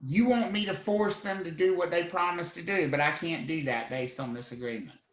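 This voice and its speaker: A man's voice: a little high, normal speed, roomy sound, close to an everyday voice, poor audio. A man voicing an exasperated judge who bluntly dismisses a case. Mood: fed up.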